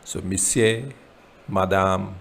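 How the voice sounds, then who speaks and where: A man gives a beginner lesson, talking very slowly in a lowish, gravelly voice. He goes over each word patiently, one at a time, and a faint hiss sits under the recording. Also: fairly bright tone. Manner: slow, repeats words with translations. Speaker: French teacher. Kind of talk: slow beginner language lesson.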